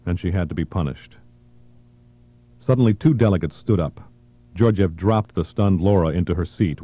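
A man narrates a thriller audiobook in a measured, even way. His voice sits low and sounds very dark and mellow. The reading stays steady throughout.

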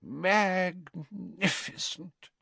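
A man voicing a pompous older male professor with a grave, theatrical, drawn-out delivery. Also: high voice, gravelly, sharp tone, husky, no room sound, pitched above the performer's own voice, heavily acted.

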